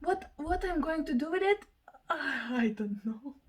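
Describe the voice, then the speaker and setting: Young lithuanian woman vlogging, high voice, excitable, laughs a lot, non-native english. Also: takes it slowly. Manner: excitable, laughing, exclaiming to viewers. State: out of breath. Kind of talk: casual vlog chat to camera.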